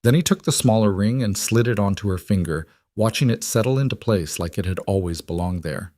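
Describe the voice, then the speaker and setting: A man narrating a scripted story in a measured, gentle way. His voice is on the low side, recorded close and dry with no room sound. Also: animated, no room sound.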